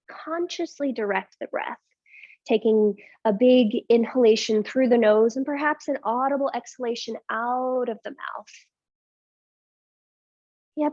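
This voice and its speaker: Woman yoga instructor, higher voice, candid and calm, talking a class through breathwork; dull dry lo-fi audio. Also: no room sound. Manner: calm, breath-led cueing; candid, rambling asides. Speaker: yoga teacher.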